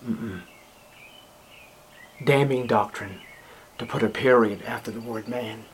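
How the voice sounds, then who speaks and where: A man preaching a sermon, emphatic, swinging from loud declarations to hushed, slow words. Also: mid-range voice, a little hiss or hum.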